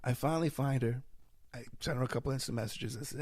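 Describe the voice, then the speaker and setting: Podcast guest, male, hoarse and husky, gravelly edge, animated storyteller. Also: medium pitch, fast talker, dry recording, clean studio sound. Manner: animated, acts out quoted voices. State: hoarse, losing his voice. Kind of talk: casual storytelling and advice.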